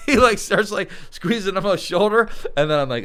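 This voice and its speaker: Animated man telling a wild story, smooth voice. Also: a little high, moderate pace, few pauses. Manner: animated storyteller, acts out quotes, laughs often. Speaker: podcast guest, underwater cameraman. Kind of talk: casual storytelling chat.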